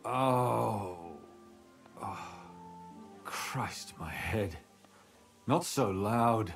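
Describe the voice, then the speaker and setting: A man's voice: sits low, very animated, unhurried, soft background music. An actor playing a weary, bitter former scribe who calls himself a madman, in game voice acting. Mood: groaning. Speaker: video game character.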